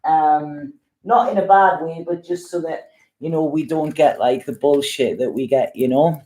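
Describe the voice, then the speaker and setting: A woman tarot reader with a deep voice who talks in a chatty, rambling way and swears bluntly while giving readings. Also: a little slow, dark tone.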